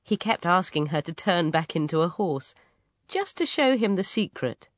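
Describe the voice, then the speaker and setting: A woman reading a children's story aloud, expressive and playful, jumping into higher voices for surprise. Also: normal speed, dry recording.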